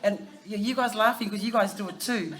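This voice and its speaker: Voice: medium pitch, fairly quick, fairly bright tone, a faint crowd. A family member giving a eulogy at a funeral service, telling stories and mixing English with Samoan phrases. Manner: anecdotal, laughing through stories.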